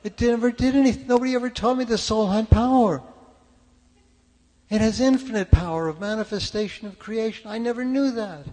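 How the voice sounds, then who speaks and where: A man's voice: high voice, moderate pace, a little mellow, long reverb tail. An older man giving a conversational, story-filled sermon at a church service. He talks in a chatty, self-deprecating way and often restarts his sentences. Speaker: speaker at a spiritual church service. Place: church sanctuary.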